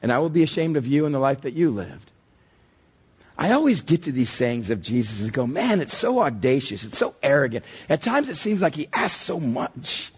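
Pastor, man in his forties, a bit hoarse and husky, lively animated delivery. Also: mid-range voice, moderate pace. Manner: storytelling with lively acted-out quotes. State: slightly hoarse. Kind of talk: sermon.

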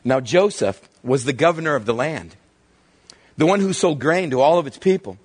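Male pastor, higher-pitched husky voice, lively storytelling sermon with hushed drops. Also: moderate pace. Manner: animated storytelling, drops to hushed low tones for emphasis.

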